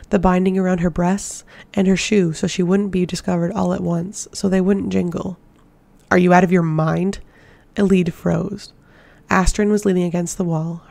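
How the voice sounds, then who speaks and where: A woman narrating a fantasy audiobook in a steady, even storytelling delivery. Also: fairly low pitch, vocal fry. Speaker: audiobook reader.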